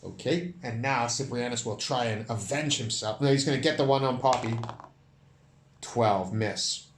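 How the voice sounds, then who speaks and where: A man running and narrating a solo tabletop game, counting dice rolls out loud in an animated way. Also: medium pitch, normal speed, roomy sound, slight background noise. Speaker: solo game master and player.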